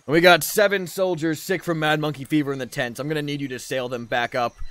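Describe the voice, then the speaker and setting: A gruff, preoccupied commander who speaks in short, clipped orders, voiced by a man running the game. He wastes no words. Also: fairly high pitch, steady tone, fast talker, a bit bright, lightly acted. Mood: curt.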